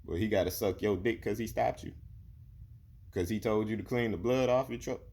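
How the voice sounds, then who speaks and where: A man's voice: fairly low pitch, moderate pace, darkish tone, slightly rough. A young man from Alabama, delivering a blunt, profane, heated rant to camera. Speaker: vlogger. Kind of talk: ranting monologue.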